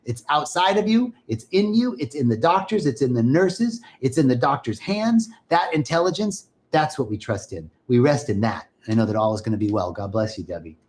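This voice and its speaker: A man's voice: medium pitch, lively intonation, normal speed, few pauses, a little mellow. A man hosting a spiritual live stream, talking casually and enthusiastically to viewers and greeting them by name.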